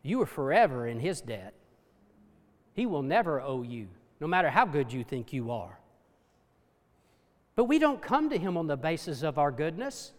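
A man preaching a sermon with passion, dropping to hushed low tones for emphasis. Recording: long hall reverb.

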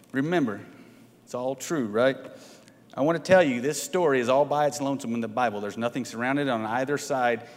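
A long reverb tail follows this man's mid-range, slightly bright voice as he gives a midweek sermon in a church sanctuary. Speaking conversationally, he questions his congregation, checks in with frequent "right?" tags, and asks people to raise their hands.

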